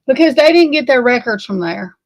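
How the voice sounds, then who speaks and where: A woman's voice: on the high side, animated, fairly quick, no echo. A woman hosting a casual true crime livestream, sleepy and yawning, rambling and swearing in exasperation as she talks to her chat. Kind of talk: casual live commentary.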